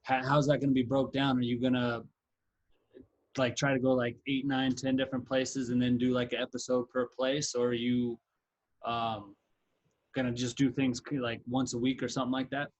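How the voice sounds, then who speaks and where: A man hosting a relaxed podcast interview, asking questions in an easygoing, encouraging way. He speaks in a level, flat tone with little rise and fall. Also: mid-range voice, moderate pace. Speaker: podcast host.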